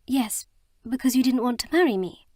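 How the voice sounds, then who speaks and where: A woman's voice: a little high, lively intonation, normal speed, darkish tone, no echo, clean studio sound, pitched above the performer's own voice. A woman voicing an earnest young bride. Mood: wondering. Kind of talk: audiobook character reading.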